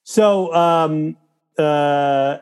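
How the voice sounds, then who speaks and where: A man's voice: on the high side, drawn-out words, smooth. Man telling stories in a casual interview. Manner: animated storytelling with profanity and quoted inner thoughts. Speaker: guest, filmmaker and actor.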